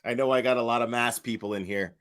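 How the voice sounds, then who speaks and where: A man's voice: medium pitch, fairly even intonation, a bit bright. Stammering man talking to his stream chat. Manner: halting, stammers and repeats words; questioning, talks to the chat. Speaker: online commentator. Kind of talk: casual livestream commentary.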